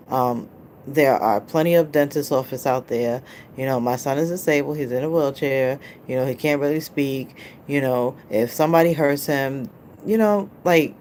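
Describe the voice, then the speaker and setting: A woman's voice: very deep voice, a little mellow, slight background noise. A woman vlogger, a mother, casually telling a rambling story to camera, full of fillers and quoted back-and-forth dialogue. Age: adult, mother of a child.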